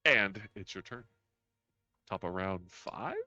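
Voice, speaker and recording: A man's voice: sits low, lively intonation, slow, bright, forceful tone, no echo. A man narrating a tabletop game as game master, laughing often as he describes the scene. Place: home, streamed live. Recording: dull lo-fi stream audio.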